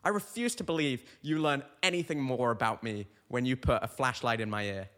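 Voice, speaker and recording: A young male stand-up comedian delivering a rambling, deadpan comic monologue that trails off and restarts mid-thought. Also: mid-range voice, a little fast. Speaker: stand-up comedian, podcast host.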